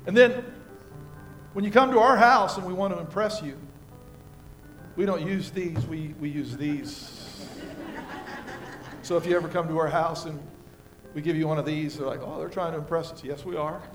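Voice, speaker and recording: An older American pastor preaches in a high-pitched voice, telling homey stories and moving from hushed moments to loud peaks. Music plays clearly behind his sermon. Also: normal speed, long pauses. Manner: folksy storytelling with props, swinging from quiet to loud.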